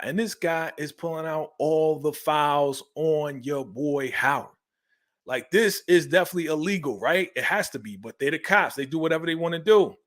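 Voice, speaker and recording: A man's voice: a little high, fairly bright tone. A man hosting a casual TV episode recap, talking in slang and acting out the characters' lines as he retells each scene. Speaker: TV show recap host.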